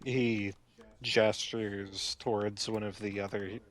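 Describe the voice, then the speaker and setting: Slow, low-voiced man narrating a game. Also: little pitch movement. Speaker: storyteller.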